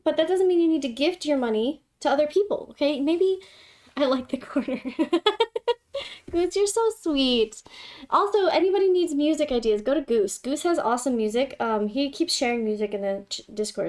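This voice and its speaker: Giggly high-voiced woman streamer. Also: animated, a little fast, darkish tone. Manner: giggly, dramatic, playful scolding. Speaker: livestream host. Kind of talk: casual livestream chat with viewers.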